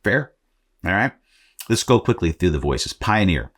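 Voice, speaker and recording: A man from Arizona with a very deep, low-pitched voice hosts a faith podcast. He talks conversationally, with frequent fillers and a self-deprecating humor. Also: sing-song, normal speed. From Arizona, United States. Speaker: podcast host. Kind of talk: motivational faith podcast talk.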